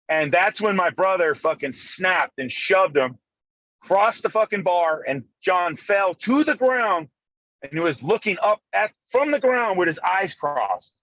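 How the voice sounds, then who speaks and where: High-voiced guy on the phone from his car, cussing his way through a story, dry close sound. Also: dry recording, muffled recording. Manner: profane, excitable storyteller. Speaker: podcast co-host. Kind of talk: casual storytelling chat. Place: in a car, driving.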